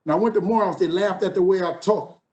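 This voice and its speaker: In a muffled recording, a man whose voice sits high and a little mellow speaks at a quick pace. He's in his fifties, from New Orleans, USA, with a New Orleans accent, and he's giving a conference keynote, a motivational speech driven by rhythmic, preacher-like repetition.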